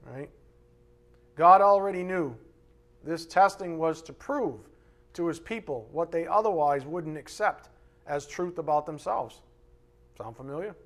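Male pastor, slightly high voice, animated live sermon from the pulpit. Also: unhurried, pauses often. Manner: animated preaching, reads scripture aloud, acts out God's voice in asides. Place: church sanctuary.

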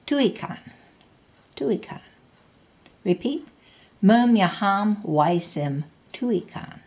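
Woman teacher going slow and patient, low voice, has you repeat words. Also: lively intonation, a little mellow. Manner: patient, prompts learners to repeat. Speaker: language teacher. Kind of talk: slow spoken language lesson.

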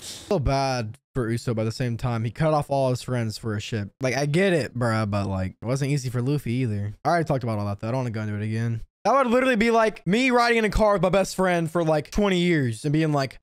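A young man reacting to an anime, excitable and profane, with lots of slang. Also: mid-range voice, brisk, slight background noise. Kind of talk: casual reaction commentary.

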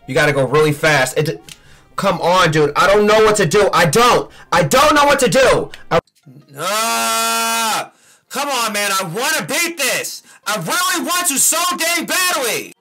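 Frustrated high-voiced man yelling at games. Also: sing-song, unhurried, gravelly. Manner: frustrated yelling and groaning at the game. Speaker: gaming streamer. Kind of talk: rage-quit gameplay commentary.

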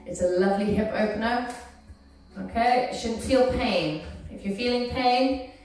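A woman with a slightly high, darkish voice leads an exercise class at a moderate pace, cueing each move while encouraging her students and checking in on them. The recording comes from far away in a very echoey room, with faint music behind her.

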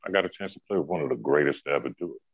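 A man in his forties, a former pro basketball player, telling a story as a podcast guest in a relaxed, casual way, peppered with "you know, man". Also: a bass voice, racing, heavy background noise. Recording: tinny phone-line sound, dry.

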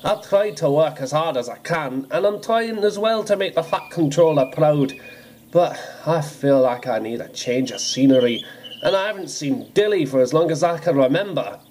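A man's voice: fairly high pitch, lively intonation, normal speed, darkish tone, slight background noise, lightly acted. Donald, a man doing an engine. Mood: weary. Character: weary kindly Scottish male tank engine. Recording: music playing under the voice.

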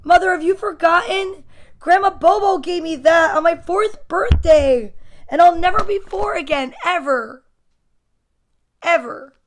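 A woman's voice: extremely high pitch, measured pace, pitched above the performer's own voice. A woman doing a whiny little boy. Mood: pleading. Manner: whiny, pleading, theatrical. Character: dramatic little boy who loves his toys.

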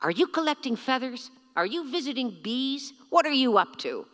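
A woman voicing a cheerful, teasing grown brother with a breezy, playful, loud delivery during a reading. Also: sits high, sing-song, normal speed, in a large hall, pitched above the performer's own voice.

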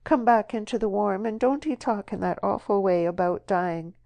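A woman voicing a tender, stubborn young rural woman with an English country dialect, plaintive and soft. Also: medium pitch, lively intonation, normal speed, creaky, voice pushed up. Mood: pleading.

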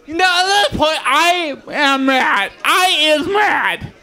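A man's voice: very high-pitched, lively intonation, takes it slowly, gravelly, pushed and bright. A man doing a stand-up comedy set at an open mic, who talks with a speech impediment and jokes about it with the crowd. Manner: self-deprecating, joking with the crowd. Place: bar stage with live audience.

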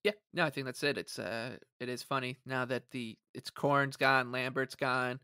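Co-host, man, wry meandering talk, bright tone, dry close mic. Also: medium pitch, fairly even intonation, normal speed, clean tone, dry recording. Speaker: podcast co-host. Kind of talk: casual sports podcast chat.

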